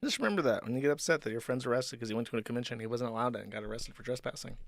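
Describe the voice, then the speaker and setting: A man's voice: mid-range voice, racing, gravelly, no room sound, studio quality. A man hosting a livestream, talking in a sardonic, profane, rambling way. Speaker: streamer host. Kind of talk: livestream commentary.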